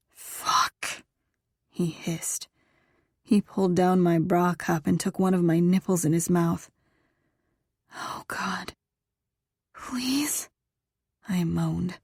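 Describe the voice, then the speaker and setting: A woman narrating a first-person audiobook in an unhurried, intimate way. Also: lowish voice, a little mellow, no room sound, clean studio sound.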